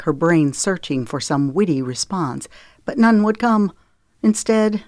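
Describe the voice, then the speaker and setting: A woman narrating an audiobook in a steady, even storytelling manner. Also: sits low, no echo, clean studio sound. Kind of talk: scripted narration.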